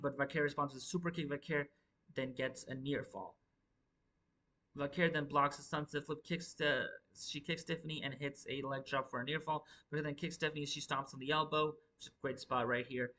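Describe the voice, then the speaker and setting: Bright-voiced, profane wrestling reviewer man. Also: a little high, fairly even intonation, brisk, low-quality recording. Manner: rambling, profane, stumbles and restarts often. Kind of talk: profane live review commentary.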